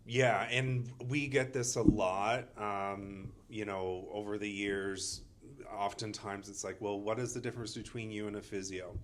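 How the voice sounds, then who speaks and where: A man's voice: on the low side, steady tone, a little slow, noisy background. A man, a chiropractor co-host who hedges and fills his talk with "kinda" and "you know". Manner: hedging, many fillers like "kinda" and "you know". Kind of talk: casual podcast chat.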